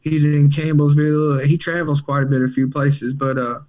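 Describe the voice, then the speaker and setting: A man's voice: a little high, normal speed, dull audio. A man telling his recovery story with casual Southern slang, acting out the voices of others. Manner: animated, acts out quotes in character voices. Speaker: guest in recovery.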